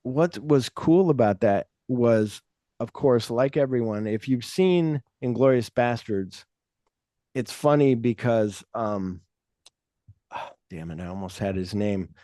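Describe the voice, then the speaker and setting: A man's voice: mid-range voice, slow pace, mellow, no room sound, clean studio sound. A man hosting a podcast, rambling through casual film talk, acting out quotes and swearing freely. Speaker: podcast host.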